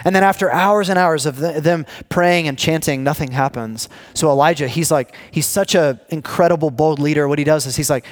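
A man preaching a sermon, telling the story with animated energy, restarting and repeating words, and dropping low and quiet when he reads scripture. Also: moderate pace, few pauses. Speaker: pastor teaching a sermon series.

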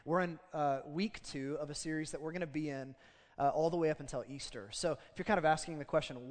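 A man preaching a casual, animated sermon as pastor of a church. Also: on the high side, brisk, big-room sound. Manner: conversational, animated storytelling.

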